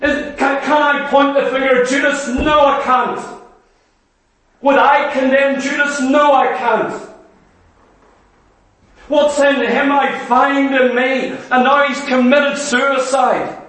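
A man's voice: very high-pitched, little pitch movement, slow pace, a bit bright, distant mic, full character voice. A man voicing the apostle Peter as an anguished, self-questioning grown man. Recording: echoey hall, voice away from the mic.

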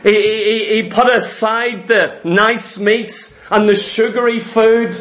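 A middle-aged man preaching a sermon, animated and acting out the voices of the people he quotes. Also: high-pitched, slow.

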